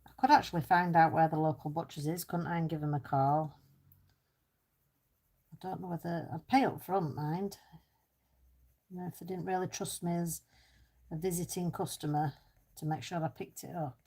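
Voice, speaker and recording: Chatty woman, low voice. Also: steady tone, moderate pace, long pauses, warm tone. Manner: chatty, reads out and answers viewers' comments; self-deprecating, laughs easily. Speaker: live-stream host. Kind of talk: casual chat while colouring.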